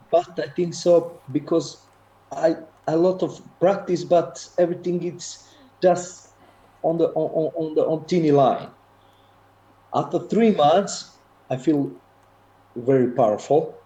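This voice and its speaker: A man who is currently ill, talking haltingly in broken English with repeated words, as a voice student on a video call. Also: medium pitch, warm tone. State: ill, on antibiotics. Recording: roomy, muffled video call audio.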